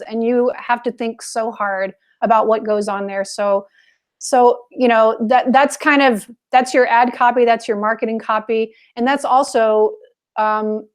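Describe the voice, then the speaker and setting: A woman co-hosting a webinar, explaining points earnestly with fillers and repeated words. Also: a little high. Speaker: co-host. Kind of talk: casual webinar talk.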